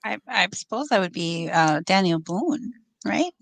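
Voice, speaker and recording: A woman from the American Midwest, a guest on a talk show, telling a story in lively fashion and acting out the sounds. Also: on the low side, measured pace, creaky, no echo, poor audio. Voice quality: animated, acts out sounds and quotes. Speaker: guest, Bigfoot researcher.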